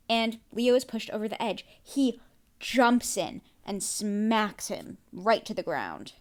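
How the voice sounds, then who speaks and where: A woman hosting a podcast, recapping a TV episode in casual chat, reacting excitedly with lots of fillers. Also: on the high side, unhurried. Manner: excitable, reacts loudly with gasps and exclamations; chatty, many "like" and "um" fillers. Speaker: podcast host.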